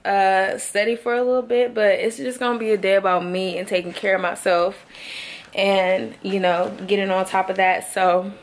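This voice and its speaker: A woman's voice: medium pitch, fairly even intonation, normal speed. A woman in her twenties talking at home to her vlog viewers, heartfelt and slangy, addressing them directly. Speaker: vlogger. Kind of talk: casual vlog talk to camera.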